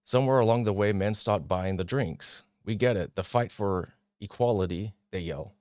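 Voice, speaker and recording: A man's voice: fairly low pitch, normal speed, no echo, clean studio sound. A man hosting a casual talk show, reading an article aloud and giving his opinions, often mocking other people's lines in exaggerated voices. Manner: animated, mocking impressions of others. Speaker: podcast host.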